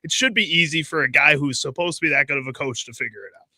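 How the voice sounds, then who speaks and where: Bright, blunt male sports radio voice. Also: a little high, fast, no room sound. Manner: blunt, argumentative rhetorical questions. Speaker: radio co-host.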